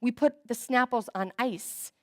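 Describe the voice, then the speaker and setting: A young adult woman giving a chatty, animated storytelling talk to church volunteers, acting out bits of dialogue. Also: a little high, unhurried, no echo, clean studio sound. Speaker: guest speaker at a church volunteer event. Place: church hall.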